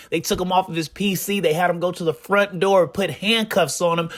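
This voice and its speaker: A man giving casual commentary on his gaming community, telling stories in an animated way with a repeated catchphrase. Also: high voice.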